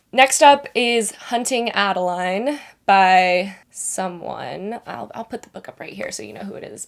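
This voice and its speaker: A young woman reviewing books in a casual, rambling vlog, with self-deprecating asides. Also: on the high side. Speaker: book reviewer.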